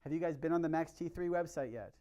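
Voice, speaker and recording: A middle-aged man speaks with a voice pitched a little higher than most men's. He gives a lively, chatty health workshop to a room of patients, often checking in with quick questions to them. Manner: energetic, conversational, asks the audience questions. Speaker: chiropractor giving a health talk. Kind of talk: live workshop talk to patients.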